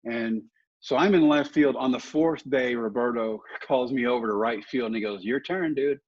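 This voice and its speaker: A middle-aged man tells his stories with real animation, acting out the voices of the people in them. His voice has a husky grain to it. The recording is a little dull and lo-fi. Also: mid-range voice, moderate pace. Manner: animated anecdotes, acting out other people's lines. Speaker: guest, former ballplayer and motivational speaker. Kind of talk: casual storytelling in a podcast interview.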